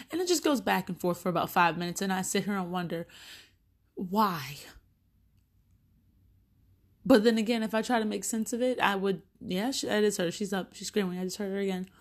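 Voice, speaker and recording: A woman in her thirties talks about her children in a relaxed, conversational monologue. Her voice sits at an ordinary middle pitch, and she slips into little acted-out exchanges as she tells each story. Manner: chatty, animated, acts out little dialogues with her kids. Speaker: mother sharing parenting stories. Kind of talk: casual monologue.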